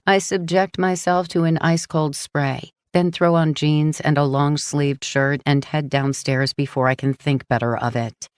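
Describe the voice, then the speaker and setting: A woman narrating a first-person audiobook in a hushed, brooding manner. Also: sits low, fairly even intonation, measured pace, hardly any pauses, clear, resonant tone, no room sound, studio quality.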